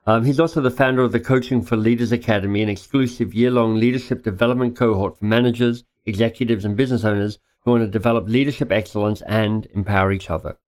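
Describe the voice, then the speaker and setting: A man's voice: lowish voice, fairly even intonation, quick pace, hardly any pauses, darkish tone. Enthusiastic man hosting a podcast. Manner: enthusiastic, gushing, joking. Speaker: podcast host. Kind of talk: casual interview.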